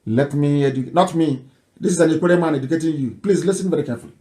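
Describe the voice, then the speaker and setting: A man hosting a live radio talk, emphatic and repetitive, sometimes rising to near shouting. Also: fairly high pitch, fast talker, roomy sound. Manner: emphatic, repeats phrases, rises to near shouting. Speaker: radio broadcaster.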